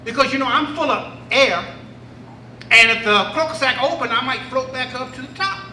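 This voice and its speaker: A man's voice: very high voice, moderate pace, a little hiss or hum, exaggerated voice. A man doing a sly fortune-selling trickster. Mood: sly polite. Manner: calling out loud sales cries, sly and polite. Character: sly clever enslaved man, fortune seller. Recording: echoey room from a distance.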